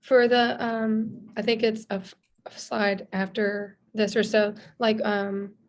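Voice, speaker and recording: A woman attending a webinar asks a follow-up question in a halting, hesitant way. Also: medium pitch, flat delivery.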